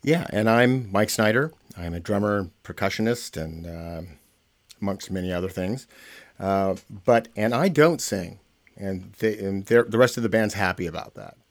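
A man's voice: fairly low pitch, moderate pace. A middle-aged American man, a drummer being interviewed, chatting casually and joking as he rambles through his story. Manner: relaxed, joking, rambling with fillers. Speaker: band drummer, interview guest.

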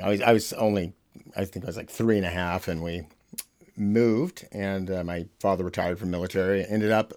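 A middle-aged American man with a lowish voice talks casually in an interview. He rambles with plenty of fillers and drops in dry jokes. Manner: relaxed, joking, rambling with fillers. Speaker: band drummer, interview guest.

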